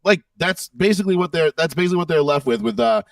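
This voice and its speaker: Profane gravelly man ranting off-mic. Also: sits high, fast, dry recording, recorded from a distance. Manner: profane, mocking rant. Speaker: podcast co-host. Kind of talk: casual political podcast chat.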